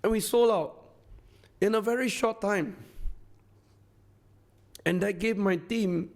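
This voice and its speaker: High-voiced man giving an effusive stage speech. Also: gravelly. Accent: Singaporean English. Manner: effusive, repetitive, rallying the crowd. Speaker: company founder addressing a masterclass audience. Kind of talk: live stage speech to an audience.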